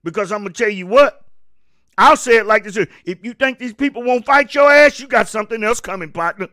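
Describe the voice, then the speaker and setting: A man hosting his own show, delivering a fired-up political rant that repeats words and bursts into shouting. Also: very high voice, lively intonation, fairly quick. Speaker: show host.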